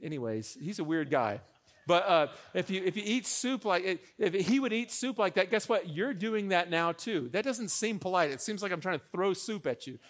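A young adult man preaching a sermon as pastor, animated, with joking asides, repeating phrases for emphasis. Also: high voice, normal speed.

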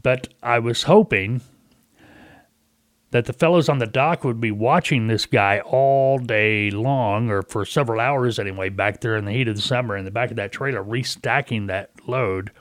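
A man's voice: mid-range voice, moderate pace, dry recording, clean studio sound. A middle-aged man hosting a casual talk radio show, telling a folksy story and acting out a caller's lines.

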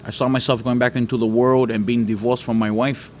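Man, mid-pitched, earnest storyteller sharing a faith testimony. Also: flat delivery, brisk, a little mellow, a little hiss or hum. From Hawaii.

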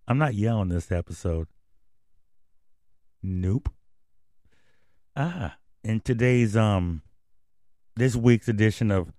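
A man's voice: on the low side, expressive, extremely slow, long pauses, darkish tone, dry recording, clean studio sound. Blunt, swearing radio host man. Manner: blunt, profane, rambling rants. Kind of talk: casual commentary and news reading.

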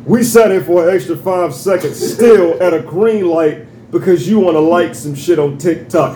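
A man's voice: on the high side, moderate pace, hardly any pauses. Blunt profane man, echoey room. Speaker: podcast co-host. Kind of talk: casual podcast rant. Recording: roomy echo, faint background noise.

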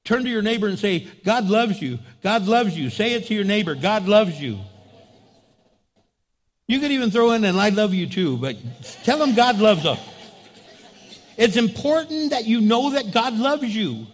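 A man preaching a sermon as pastor, fervent, prompting the congregation to answer back, swinging between loud exhortation and low, intimate asides. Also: expressive, normal speed.

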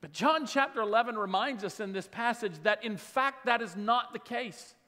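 A man preaching a sermon as pastor, emphatic, swinging between loud declarations and hushed lines. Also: extremely high pitch, moderate pace. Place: church sanctuary. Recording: long hall reverb.

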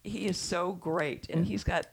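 Chatty, indignant woman with a gravelly voice. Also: fairly low pitch, measured pace, slight background noise. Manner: chatty, indignant, breathless run-on talk. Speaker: show regular commentator. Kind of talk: casual political chat.

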